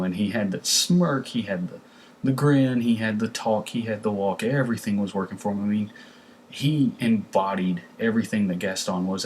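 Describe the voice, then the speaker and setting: A man with a fairly low voice reviews a film in a loose, casual way. He stumbles over restarts and fills the gaps with ums and you-knows. A faint background noise sits under the recording. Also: darkish tone, low-quality recording. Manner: rambling, with many fillers and restarts.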